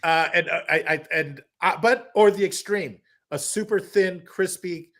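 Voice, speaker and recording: A middle-aged man, a comedian guest, telling a story in casual chat, animated, with many restarts and quoted asides. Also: high voice, unhurried.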